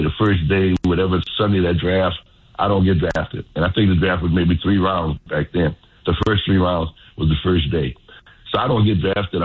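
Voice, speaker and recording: A man's voice: low voice, breathy edge. An older man, a former football player telling stories in an interview, repeating phrases as he goes. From Louisiana. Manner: animated storyteller, repeats phrases. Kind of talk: storytelling interview. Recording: phone-like radio line.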